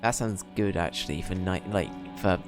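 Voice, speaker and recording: A man's voice: low voice, moderate pace, music in the background. A man streaming a video game, rambling casually and swearing as he plays. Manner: rambling, swearing, talks to himself. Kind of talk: casual gaming commentary.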